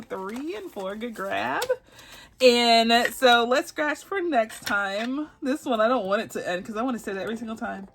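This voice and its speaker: On her budgeting channel, a Texas woman with a slightly high, somewhat bright voice chats casually while doing savings challenges. She giggles as she tallies the sums out loud.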